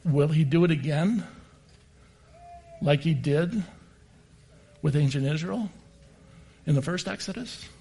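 A man's voice: on the high side, takes it slowly, vocal fry, pauses often, warm tone, husky. A man preaching a sermon and reading scripture passages aloud.

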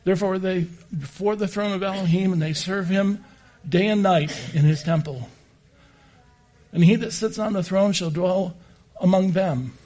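High-voiced man preaching a sermon. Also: normal speed, dark tone. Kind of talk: sermon with scripture reading.

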